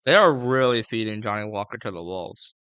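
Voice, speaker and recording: A man's voice: fairly low pitch, expressive, brisk, sharp tone, clear, resonant tone, dry recording. A man giving a casual, rambling fight breakdown, full of fillers and slang. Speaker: MMA fight previewer.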